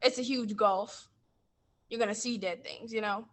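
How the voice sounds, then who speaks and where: A woman playing a blunt middle-aged man who runs a coastal mission, telling his story on stage and getting heated and loud. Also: fairly high pitch, fairly even intonation, moderate pace, lightly acted. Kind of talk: stage monologue from interviews.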